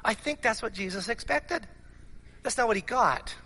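A man preaching in a high, piercingly bright voice that rings out with a long church reverb. He is animated and emphatic, often restarting his words, and sounds slightly hoarse. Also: moderate pace. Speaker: pastor. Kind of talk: sermon. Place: church sanctuary.

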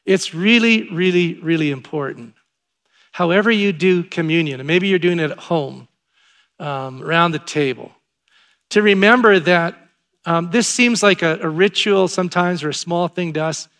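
A pastor with a slightly high-pitched voice delivers his sermon like a relaxed conversation. When the story turns good, his emphasis climbs and grows excited. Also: moderate pace.

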